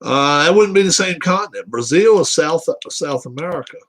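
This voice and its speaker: A male host riffing through viewer comments on a casual live show. His voice sits a touch higher than most men's and swoops up and down with animated energy. He teases and laughs as he goes. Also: moderate pace.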